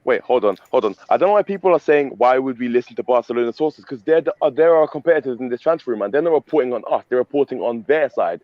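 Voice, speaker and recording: A man on a fan livestream arguing heatedly, talking quickly and restarting his sentences over and over. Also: mid-range voice, animated, no room sound, lo-fi sound. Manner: rapid, repetitive, restarting mid-sentence, irritated. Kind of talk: heated casual debate.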